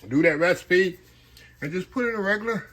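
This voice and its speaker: A man's voice: high voice, a little fast, fairly bright tone. A man hosting a casual home cooking vlog, folksy and chatty, calling his viewers y'all. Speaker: cooking vlogger.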